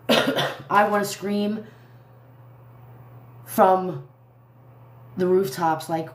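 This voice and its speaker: A woman's voice: medium pitch, fairly even intonation, extremely slow, long pauses. A woman giving a heated, profane commentary rant on a livestream, repeating herself as she vents. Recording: echoey room.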